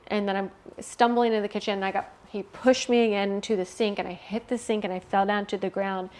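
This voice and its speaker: A woman's voice: medium pitch, slight background noise. Candid young woman telling her story. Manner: candid, emotional, swears freely. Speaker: interview guest. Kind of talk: personal storytelling interview.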